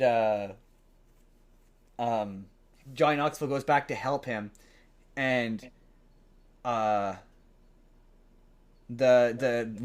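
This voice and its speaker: A man co-hosting a podcast, casually retelling a movie plot in a rambling way, with many restarts and quoted lines. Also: medium pitch. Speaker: podcast co-host.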